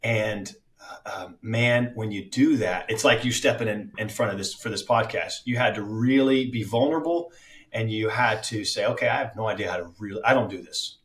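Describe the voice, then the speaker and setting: A man with a fairly low voice talks about his acting craft in a relaxed podcast chat. He is reflective and often stops to restart his thoughts. The sound carries a noticeable room echo. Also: moderate pace, distant mic. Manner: reflective, with many fillers and restarts. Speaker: actor guest. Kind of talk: casual podcast interview.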